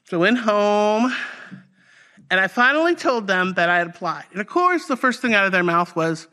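A woman's voice: medium pitch, normal speed. A woman pastor preaching a personal testimony in a conversational, storytelling way. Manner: conversational, animated storytelling with fillers.

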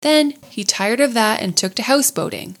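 A cheerful male water rat from a storybook, hearty and brisk as he chats with friends, acted by a woman reading aloud. His voice is a touch brighter than a plain reading voice. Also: on the high side, expressive. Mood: chatty.

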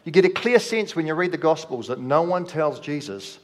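A man preaching a sermon, slow and measured, letting his voice drop softly at the ends of phrases. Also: a little high, lively intonation. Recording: long hall reverb.

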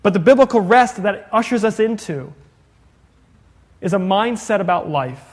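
Male pastor, conversational sermon, highish voice, long hall reverb. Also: animated. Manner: conversational, asks the congregation questions, quick jokey asides. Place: church sanctuary.

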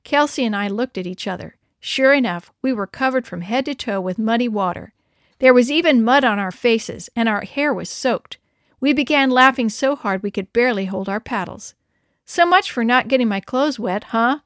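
A woman's voice: fairly high pitch, moderate pace, dry recording, clean studio sound. A woman narrating a children's story, reading expressively. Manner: expressive, lively dialogue. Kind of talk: storybook read-aloud.

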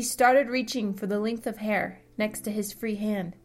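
A woman narrating a fantasy story in a steady storytelling manner. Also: medium pitch, a little slow, few pauses, faint music behind. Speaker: audiobook narrator. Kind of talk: scripted narration.

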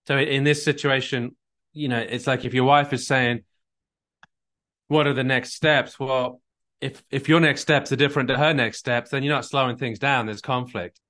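This call recording features a relationship coach talking earnestly to a caller, repeating words as he thinks things through and role-playing sample conversations. His voice is medium-pitched and steady, at normal speed, with a pushed, bright quality.

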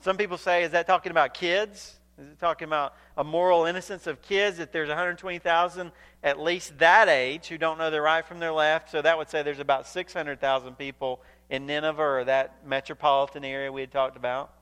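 A male pastor preaching a sermon, animated and emphatic, acting out scripture as he paraphrases it. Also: fairly high pitch, brisk, hardly any pauses, smooth.

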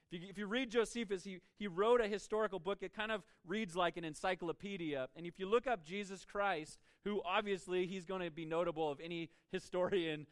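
Male pastor, higher pitch, dry close sound; emphatic sermon with repeated starts. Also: dry recording. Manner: emphatic, repeats words when starting a thought.

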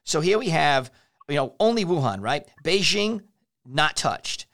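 A podcast host rants about conspiracy theories in casual, profane, animated talk. He has a fairly high, gravelly voice and keeps a measured pace.

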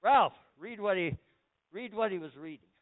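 An older man preaching as a pastor in a church, excitable, with loud bursts and repeated words. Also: high voice, normal speed. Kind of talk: lively church sermon. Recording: phone-like lo-fi recording.

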